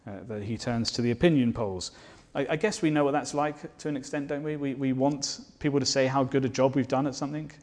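Male preacher, mid-pitched, earnest sermon delivery that builds to fervent declarations. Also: fairly quick, hardly any pauses, a little mellow. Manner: rhetorical questions to the listeners.

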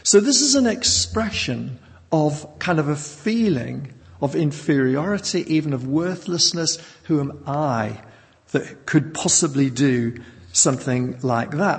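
Gravelly preacher in a reverberant hall. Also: male voice, a little high, animated. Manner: measured, emphatic teaching with pauses. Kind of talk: sermon.

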